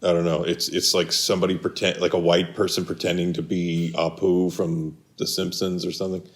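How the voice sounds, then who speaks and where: A man's voice: low voice, flat delivery, a little fast. A man co-hosting a casual film podcast, rambling and restarting as he searches for names. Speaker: podcast co-host.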